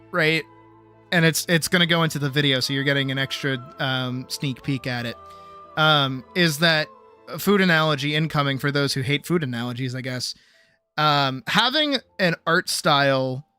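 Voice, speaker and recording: A man's voice: fairly high pitch, pushed and bright, clean tone. A man streaming art who lectures viewers in a blunt, teasing way, with profanity and playful bravado. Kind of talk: casual live-stream art lesson.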